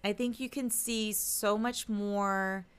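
Smooth-voiced woman telling a story on a podcast. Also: mid-range voice, slow. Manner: animated storyteller, acts out quotes. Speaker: podcast co-host, medium. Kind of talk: casual spiritual podcast chat.

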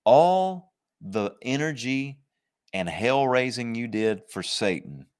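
A man preaching a sermon, emphatic and conversational, slowing down to stress scripture verses and joking with his listeners. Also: mid-range voice, very animated, darkish tone, clean tone. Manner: jokes and laughs with the congregation.

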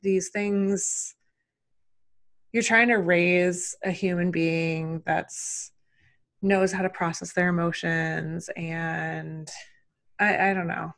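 Low, gravelly-voiced mother musing aloud. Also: fairly even intonation, slow pace, a bit bright. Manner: rambling, self-questioning, many fillers. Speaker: mother and podcast guest. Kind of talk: casual conversation.

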